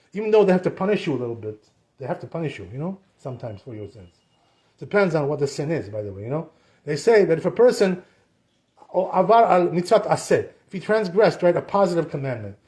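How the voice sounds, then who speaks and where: A man with a fairly high voice leads a relaxed Torah lesson and talks straight to his listeners. He keeps it conversational, drops "you know" into nearly every sentence, and acts out what people say. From Sephardic Jewish community. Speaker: Torah teacher. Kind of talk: casual Torah class.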